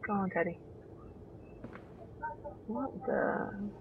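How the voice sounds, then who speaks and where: A young woman narrates her own horror game playthrough, muttering to herself and swearing freely. Her pitch sits in a middling range, and she bursts into startled exclamations when something jumps out. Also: extremely slow, narrow, tinny audio, noisy background. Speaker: let's play host.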